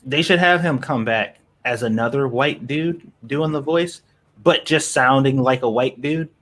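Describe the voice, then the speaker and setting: A man's voice: mid-range voice, unhurried, a bit bright. A man on a podcast panel making dry, joking asides in casual chat.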